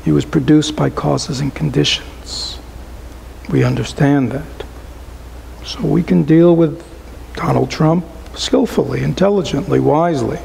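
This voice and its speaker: A man giving a relaxed, conversational dharma talk to a small group as a Buddhist teacher, often asking rhetorical questions and adding "right?". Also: fairly high pitch, measured pace, vocal fry, a little hiss or hum, rough recording.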